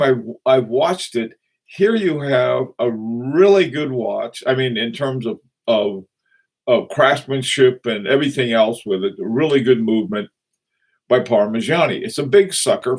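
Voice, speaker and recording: A man hosting a casual livestream about watches. He greets viewers and rambles with frequent chuckles, fillers and restarts. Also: mid-range voice. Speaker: watch channel host.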